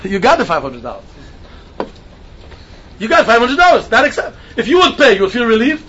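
Man, Talmud teacher, high voice, repeats himself, self-questioning, muffled lo-fi sound. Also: wildly swooping pitch, fairly quick, bright, forceful tone, slight background noise. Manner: asks and answers his own questions, repeats points. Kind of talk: lecture on Talmudic texts. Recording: dull lo-fi recording.

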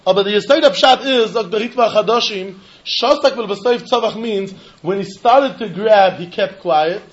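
A man giving an animated Talmud lecture in a sing-song way, asking rhetorical questions and laughing often. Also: high voice, normal speed. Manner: sing-song, mixing English, Yiddish and Hebrew. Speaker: Talmud teacher. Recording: dull lo-fi recording.

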